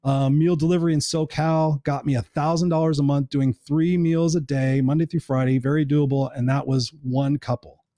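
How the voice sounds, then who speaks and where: A man's voice: fairly high pitch, steady tone, normal speed, warm tone, no room sound, clean studio sound. A middle-aged man hosting a live show in casual chat, earnest and encouraging, swearing now and then.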